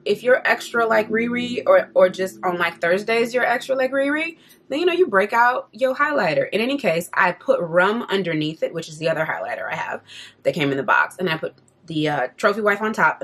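Chatty, animated woman beauty vlogger. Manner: chatty and animated, jumps up in pitch for emphasis. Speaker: beauty vlogger reviewing a subscription box. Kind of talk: casual product review.

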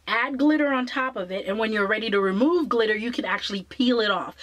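A woman's voice: mid-range voice, a bit bright, no room sound. A woman chatting enthusiastically to her viewers in a casual beauty haul vlog. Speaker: beauty vlogger.

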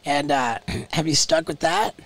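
A man's voice: on the high side, a little slow, gravelly, fairly bright tone. A man co-hosting a podcast, talking with an eager, swearing, laugh-heavy manner. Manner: enthusiastic, swears often, laughs a lot. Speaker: podcast co-host. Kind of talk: casual podcast chat.

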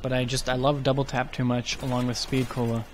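A man's voice: medium pitch, flat delivery, a little fast, noisy background. A man giving casual let's play commentary, chatty and thinking aloud as he goes. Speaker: gaming YouTuber.

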